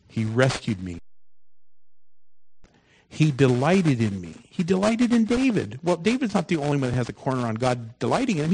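A man preaching a sermon, moving from loud, emphatic lines to soft, hushed ones. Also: medium pitch, breathy edge, rough recording.

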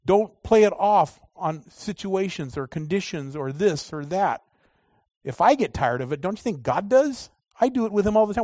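A man's voice: high-pitched, animated, normal speed, no room sound. Dynamic male preacher, dry sound. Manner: dynamic preaching, swings between loud emphasis and quiet asides. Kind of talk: sermon.

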